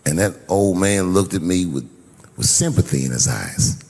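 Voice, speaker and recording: A middle-aged man telling a profane, animated story as a stand-up comedian. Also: on the low side, moderate pace, slightly rough. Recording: live venue with long reverb.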